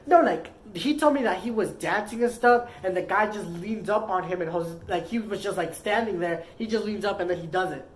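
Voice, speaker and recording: A woman's voice: mid-range voice, brisk, hardly any pauses, rough recording. A woman casually telling a personal story, rambling and filling her sentences with "like". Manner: rambling, heavy use of "like".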